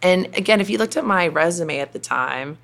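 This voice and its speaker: Middle-aged woman, Southern accent, low gravelly voice, chatty storyteller in an interview. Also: lively intonation, a little fast, fairly bright tone. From Kentucky, USA. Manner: chatty storytelling with many fillers. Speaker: interview guest, company president. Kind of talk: conversational interview.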